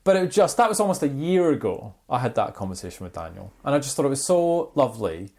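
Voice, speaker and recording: Talking fast at a medium pitch, a male podcast co-host keeps things casual. He brings his stories to life by acting out whoever he's quoting.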